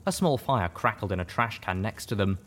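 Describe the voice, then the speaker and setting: A man giving a first-person audiobook narration with steady storytelling. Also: lowish voice, fairly quick.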